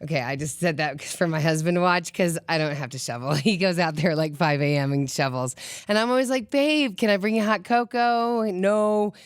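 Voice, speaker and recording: A middle-aged woman hosts a radio show and chats away in a lively, talkative way, often laughing and acting out other people's lines. Her voice is smooth and clear. The sound is dry and close, with no room around it. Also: lowish voice, normal speed, dry recording. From Colorado. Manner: chatty and animated, laughs often, acts out quotes. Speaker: radio host. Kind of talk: casual chat.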